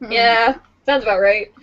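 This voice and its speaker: A woman's voice: on the high side, fairly bright tone, a little hiss or hum. A young woman co-hosting a casual podcast, reading out listings, stumbling over names and swearing with a laugh. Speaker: podcast co-host. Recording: dull lo-fi podcast audio.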